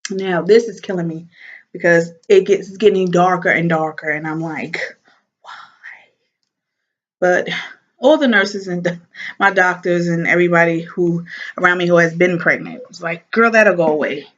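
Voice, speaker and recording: A woman chatting casually to camera as a vlogger, animated and laughing as she talks. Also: on the low side, moderate pace, highs cut off.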